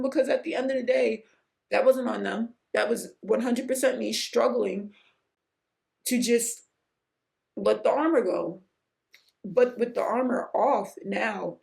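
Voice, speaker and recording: A woman's voice: a little high, gravelly, a little mellow. A middle-aged woman hosting a faith podcast, speaking earnestly and emotionally about surrender, often repeating herself for emphasis. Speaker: podcast host. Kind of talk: faith-based personal reflection.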